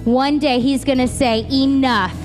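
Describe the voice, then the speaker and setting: A woman's voice: sits high, steady tone, measured pace, soft background music. A woman in her thirties preaching a sermon in a church, talking candidly and conversationally. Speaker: pastor. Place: church auditorium.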